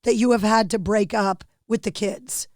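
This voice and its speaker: A woman hosting a podcast interview, friendly and quick to laugh with her guest. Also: medium pitch, steady tone, a little mellow, no echo, clean studio sound. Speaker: podcast host.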